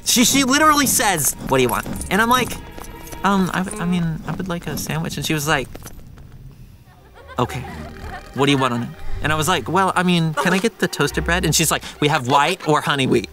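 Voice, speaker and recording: A man's voice: on the high side, animated, brisk, music in the background. A young man hosting a casual gaming video, chatting animatedly, quoting people and saying "like" and "bro" a lot. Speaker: let's play host.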